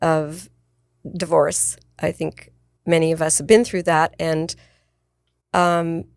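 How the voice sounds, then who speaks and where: A woman's voice: low-pitched, level tone, slow pace, gravelly, a little mellow, clean tone, dry recording, studio quality. A woman in her seventies, a guest author, telling anecdotes in casual conversation and laughing often. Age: 70s. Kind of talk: casual storytelling chat.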